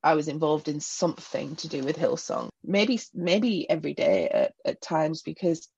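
A woman's voice: deep voice, very animated, normal speed, a little mellow, husky, highs cut off. A woman from Northeast England with a Northeast English accent, talking frankly and self-deprecatingly as a guest in an interview. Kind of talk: candid personal interview.

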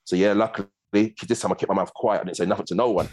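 Male guest, very low voice, brisk storyteller. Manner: fast, animated anecdotes with acted quotes. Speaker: former footballer guest. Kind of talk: casual storytelling interview.

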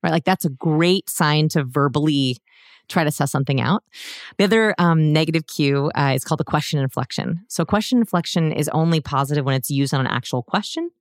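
A woman with a notably low voice talks animatedly, explaining her points and slipping into quick quoted voices. The sound is dry and close, with no room around it. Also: no room sound. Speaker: guest expert on body language. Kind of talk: casual podcast conversation.

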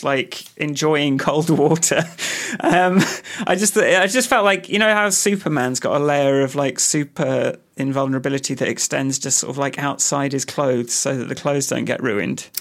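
A man's voice: medium pitch, normal speed, vocal fry, hardly any pauses, fairly bright tone. A man co-hosting a podcast in casual, rambling chat, with many restarts and fillers. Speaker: podcast co-host. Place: office building with workers nearby.

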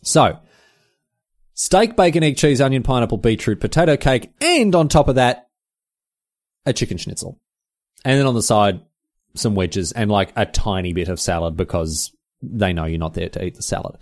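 Australian male podcast host, lowish voice, quick and animated casual chat. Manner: fast, animated storytelling with exclamations.

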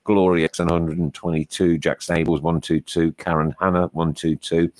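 Very deep-voiced man co-hosting. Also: level tone, normal speed, darkish tone, dry recording. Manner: chatty, reads out league standings. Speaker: podcast co-host. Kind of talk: casual football podcast chat. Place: small studio.

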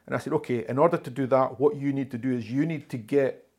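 A man's voice: medium pitch, quick pace, darkish tone, husky. A man, an author in an interview, telling a long story in a rambling way with many restarts. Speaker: author and journalist being interviewed. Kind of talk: conversational storytelling.

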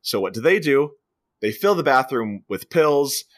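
Animated man retelling a movie. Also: medium pitch, a little slow. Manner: animated retelling of scenes, jumping into quoted voices. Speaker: podcast co-host. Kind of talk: casual movie review chat.

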